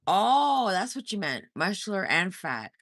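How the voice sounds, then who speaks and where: A woman hosts a relaxed livestream, reading viewers' comments while chatting, teasing, laughing often and singing short fragments. Her mid-range voice swings widely in pitch, sounds a bit bright, and moves at a measured pace. The recording is dry, with clean studio sound.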